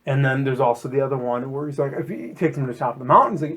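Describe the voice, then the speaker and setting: A man co-hosting a casual podcast chat about scripture, jokey and animated, often acting out quotes in silly voices. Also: mid-range voice, rapid-fire, breathy edge. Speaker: podcast co-host.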